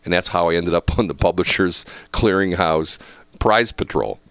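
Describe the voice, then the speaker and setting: A man telling stories in a casual, animated way, laughing as he goes and acting out what other people said. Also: low voice, moderate pace, clean tone, dry recording. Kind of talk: casual storytelling chat.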